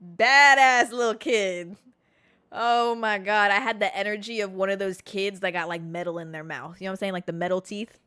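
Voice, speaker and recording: Bright, animated woman telling a story. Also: mid-range voice, smooth, no echo, clean studio sound. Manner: animated, swearing, dramatic pauses. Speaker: podcast host. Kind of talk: casual storytelling.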